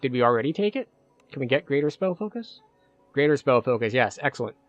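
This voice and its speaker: Streamer: a man, casual running commentary while he plays, middle pitch, faint game music. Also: big pitch swings, fast talker, dull audio. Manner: casual, chatty, thinks out loud with fillers. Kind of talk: live-stream gameplay commentary.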